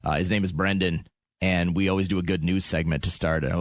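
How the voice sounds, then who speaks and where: A man's voice: low-pitched, steady tone, fast talker, dry recording. A man hosting a morning radio show, talking in a joking, self-deprecating way. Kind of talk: casual radio banter. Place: radio studio. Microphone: studio mic.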